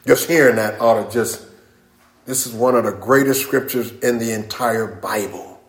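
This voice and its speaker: A middle-aged man preaching a sermon as pastor, emphatic and calling out amens, rising at times to shouts. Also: on the low side, moderate pace. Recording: echoey room.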